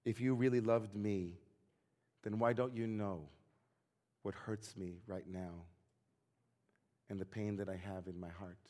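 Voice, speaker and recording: A man's voice: medium pitch, expressive, slow pace, long pauses, a little mellow, long reverb tail, pitched below the performer's own voice. A man voicing a drunk, needy Russian peasant with a slurred drawl, told as part of a sermon story. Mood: pleading.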